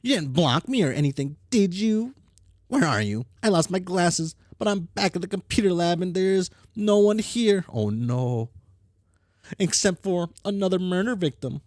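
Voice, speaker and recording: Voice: mid-range voice, expressive, normal speed, a little mellow, no echo, clean studio sound, pitched above the performer's own voice, close to an everyday voice. A reader doing a blunt teenage troll girl. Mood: worried. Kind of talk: reading comic dialogue aloud.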